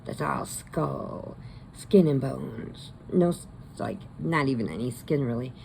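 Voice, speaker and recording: A woman who hosts a crochet channel, casually retelling a horror movie in a rambling way and slipping into quick voices. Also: rumbling low, vocal fry, darkish tone, a little hiss or hum, poor audio.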